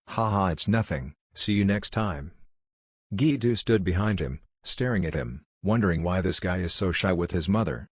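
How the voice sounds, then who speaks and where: Deep dry-voiced male recap narrator. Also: husky, no echo.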